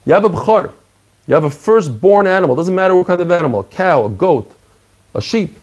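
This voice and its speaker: A man leads a Talmud class in a slightly high voice. He is eager and animated, and he acts out the sages' back-and-forth as he mixes in Hebrew and Aramaic phrases. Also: fairly quick. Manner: excited storytelling with Hebrew and Aramaic terms, acting out quoted rabbis. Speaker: Talmud teacher.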